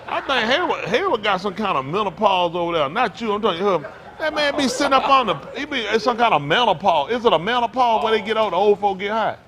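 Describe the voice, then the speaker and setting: Over crowd noise, an American pastor with a high voice preaches fast and playfully. He laughs, teases the congregation in an animated way and keeps asking "isn't that right?" during his informal sermon.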